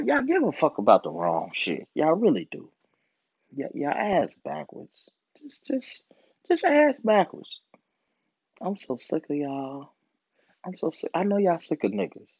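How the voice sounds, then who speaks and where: Man in his twenties, solo rant host, swears heavily, lively pitch swings, a bit high, recorded dry and lo-fi. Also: slightly rough, no room sound. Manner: profane, animated ranting with mocking put-on voices. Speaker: podcast host. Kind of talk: casual monologue. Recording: dull lo-fi sound, dry.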